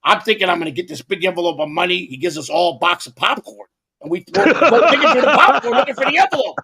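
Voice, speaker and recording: Husky and high-pitched, a man co-hosting a podcast spins meandering anecdotes, repeating things often and cursing along the way. He speaks quickly with a sharp tone and lively intonation.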